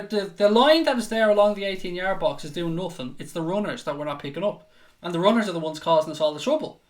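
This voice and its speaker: Sweary fan commentator. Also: male voice, high-pitched. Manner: frustrated, sweary, outbursts of shouting. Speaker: watchalong host. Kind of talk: live fan reaction commentary.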